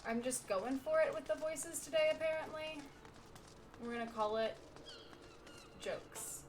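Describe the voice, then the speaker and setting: A woman's voice: high voice, measured pace, long pauses, a little hiss or hum. A woman streaming a game, reading the dialogue aloud and cracking self-mocking jokes at her own voices. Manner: jokey, self-mocking asides.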